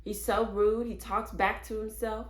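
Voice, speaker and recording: A woman voicing a chatty, warm-hearted maid who talks in folksy, gossipy turns of phrase. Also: mid-range voice, level tone, measured pace, echoey room, close to an everyday voice.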